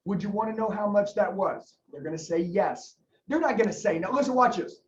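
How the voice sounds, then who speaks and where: A man's voice: high-pitched, expressive. A man leading a sales training session, coaching with emphatic repetition and acting out talks with customers. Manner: fast, emphatic, coaching, repeats key phrases. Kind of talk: energetic sales training talk with role-played customer dialogue. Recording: roomy, distant, slightly dull sound.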